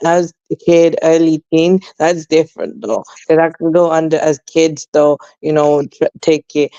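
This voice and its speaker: A man's voice: a little high, level tone, moderate pace, warm tone, clear, resonant tone, dry recording, lo-fi sound. A young man with a London accent in casual chat, rambling and leaning on fillers like "basically" and "though.". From England. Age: young adult. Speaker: guest.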